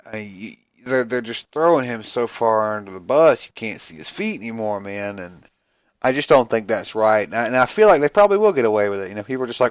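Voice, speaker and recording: A man's voice: on the low side, expressive, brisk, dry recording. Tired, profane man ranting on a podcast. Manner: profane, rambling, frustrated. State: tired, yawning. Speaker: podcast host. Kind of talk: casual solo podcast rant.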